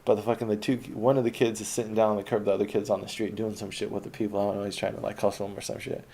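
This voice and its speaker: A man's voice: lowish voice, little pitch movement, very fast, warm tone. A young man telling a rambling, profane personal story in a laid-back, meandering way. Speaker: autobiographical podcaster.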